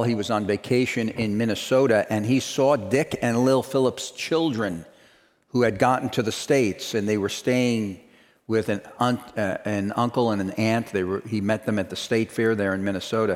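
A man preaching a sermon, telling a story and then building to emphatic, repeated declarations. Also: lowish voice. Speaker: pastor. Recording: reverberant hall.

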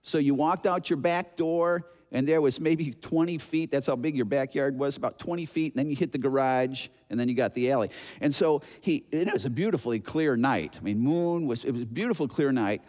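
Animated Chicago-raised preacher in an echoing hall. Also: male voice, medium pitch, fairly quick. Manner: animated, acts out noises and voices. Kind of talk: sermon storytelling. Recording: long hall reverb.

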